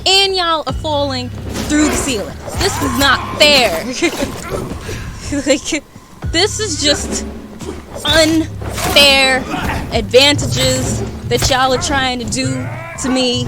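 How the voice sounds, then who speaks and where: High-voiced woman streaming a game. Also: takes it slowly. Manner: exasperated, talks back at enemies on screen. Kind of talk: casual live gameplay commentary. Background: loud game music.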